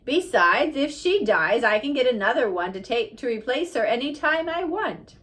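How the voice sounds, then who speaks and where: Shrewd sing-song old woman haggling over a price, as a woman reader puts her on; pitched a little high. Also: very animated, moderate pace, a bit bright. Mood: dismissive.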